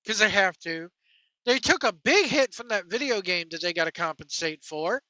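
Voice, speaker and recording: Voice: medium pitch, animated, moderate pace, bright, forceful tone, no echo, poor audio. A wrestling vlogger delivering a sarcastic, profane rant to viewers. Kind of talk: ranting commentary to camera.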